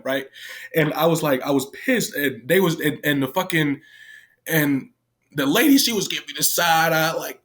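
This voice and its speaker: A man's voice: on the high side, animated, normal speed, a bit bright. A man casually recounting a personal story, candid and emotional, swearing often and acting out what others said. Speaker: guest, former youth detention worker.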